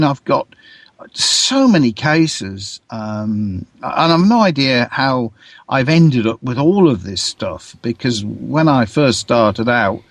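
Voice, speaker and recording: A man, a guest author on a radio interview, speaking haltingly and repeating words as he thinks. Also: medium pitch, no echo.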